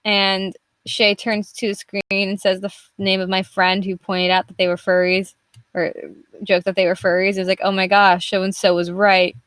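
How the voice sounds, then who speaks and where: A woman's voice: mid-range voice, completely flat delivery, normal speed, fairly bright tone, clear, resonant tone, no room sound. Young woman artist talking through a live drawing stream, loose and rambling, swears freely, mid-range voice, dry close-mic sound. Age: young adult. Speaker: artist streaming her work. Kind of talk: casual live-stream chat.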